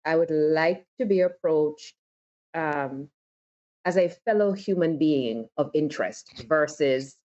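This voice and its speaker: A woman with a very low, deep voice talks candidly on a casual podcast panel, telling stories from her own life and laughing easily. The recording is a little dull and lo-fi. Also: a little mellow. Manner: candid, storytelling, laughs often. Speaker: podcast co-host. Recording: slightly dull lo-fi sound.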